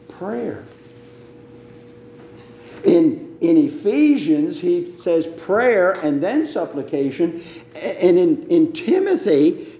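A male pastor preaching a sermon, emphatic and deliberate, often repeating words as he teaches. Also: on the high side, warm tone, slight background noise. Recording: roomy echo.

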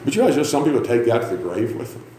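A man in his fifties preaching a loud, self-mocking sermon in a church, breaking into sudden shouts. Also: mid-range voice, big pitch swings, very fast, roomy sound, a little hiss or hum. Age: 50s. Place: church sanctuary.

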